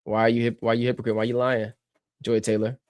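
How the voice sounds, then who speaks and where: A man's voice: mid-range voice, little pitch movement, fast talker, darkish tone, no room sound. A man streaming a reaction to a clip, ranting in a combative, mocking way.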